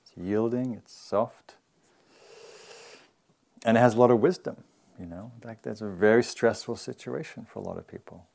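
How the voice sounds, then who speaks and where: A man, a meditation teacher, giving an informal dharma talk in a relaxed, chatty way, often saying "you know" and laughing softly. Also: lowish voice, moderate pace, creaky, pauses often.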